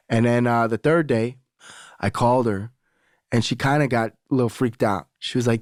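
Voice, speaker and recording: A man's voice: medium pitch, fairly even intonation, normal speed, no room sound, studio quality. A young adult man, a podcast guest, telling a candid personal story in casual talk, swearing freely and acting out the voices of people he quotes.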